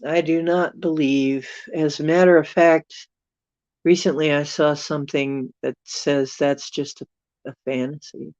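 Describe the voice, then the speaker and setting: A live-streamer with allergies speaks in a level, slightly mellow mid-range voice at a measured pace, without echo. Rambling through casual chat with viewers, the host chuckles while thinking aloud. Recording quality is dull, dry and lo-fi.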